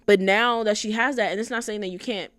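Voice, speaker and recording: A woman's voice: medium pitch, fairly even intonation, fairly quick, fairly bright tone, dry recording. Young woman podcast host, casual and blunt, swears a bit, dry close sound. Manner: chatty, blunt, sprinkles in curses and "like, you know". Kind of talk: casual chat recapping a story.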